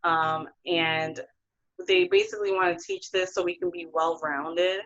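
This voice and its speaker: A woman's voice: fairly low pitch, steady tone, measured pace, a bit bright, muffled recording. A woman theatre producer as a guest in a casual interview, chatty with many fillers.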